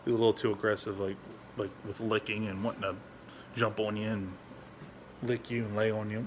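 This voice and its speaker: A man's voice: little pitch movement, a little fast, slight background noise. Blunt, profane man rambling at home. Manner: high baby-talk voice when speaking to his dog. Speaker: veteran vlogger. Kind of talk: casual rambling vlog. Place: at home with his dog.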